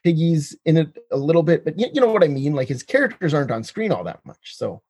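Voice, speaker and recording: A man's voice: a little high, big pitch swings, fast talker, warm tone, slightly rough. A man co-hosting an interview who gushes enthusiastically about funny moments. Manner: enthusiastic, laughing, gushing. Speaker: podcast co-host. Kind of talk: casual interview chat.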